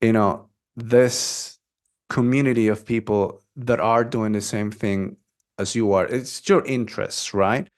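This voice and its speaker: A man's voice: on the low side, fairly even intonation, a little slow. A man hosting a podcast interview, talking through ideas and often checking in with "right?". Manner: thoughtful, restarts sentences, asks "right?". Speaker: podcast host. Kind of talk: casual interview talk.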